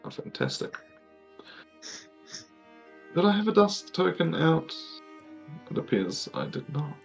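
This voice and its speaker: A man's voice: on the high side, very animated, takes it slowly, vocal fry, soft background music. Hesitant male dungeon master. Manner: hesitant, many ums while narrating. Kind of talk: narrating a tabletop game.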